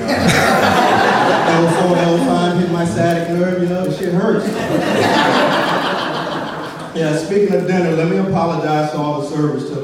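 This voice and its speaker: A man performing stand-up in a club, his voice a bit higher than most and picked up from far across a reverberant hall. Loud room noise sits under his conversational storytelling, which is full of "right?" asides. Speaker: stand-up comedian. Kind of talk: stand-up set. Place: comedy club stage.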